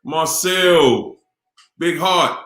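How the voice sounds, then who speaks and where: A man's voice: fairly high pitch, animated, drawn-out words, fairly bright tone. A tired middle-aged man hosting a casual live stream, laid-back as he greets chat viewers by name. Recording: roomy echo with faint music.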